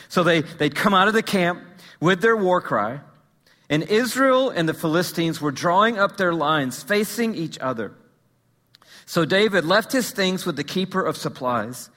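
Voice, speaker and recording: A bright, slightly high male pastor preaches with animated storytelling and joking asides, at times sinking to a hushed intensity. His words ring out with the long reverb of a large church hall. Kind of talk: sermon. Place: church sanctuary.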